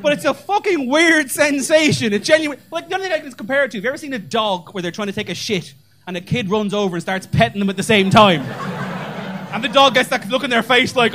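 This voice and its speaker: High-voiced man doing profane stand-up. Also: fairly quick, a bit bright, a little hiss or hum. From Ireland. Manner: conversational, profane, self-deprecating storytelling. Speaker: stand-up comedian. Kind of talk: stand-up comedy set. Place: comedy club stage.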